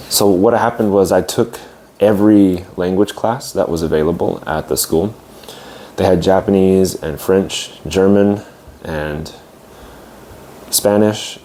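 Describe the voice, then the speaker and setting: Young male teacher, low mellow voice, reflective casual storytelling with frequent hesitations. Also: a little hiss or hum. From United States. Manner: reflective, hesitant with fillers and restarts. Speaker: English teacher.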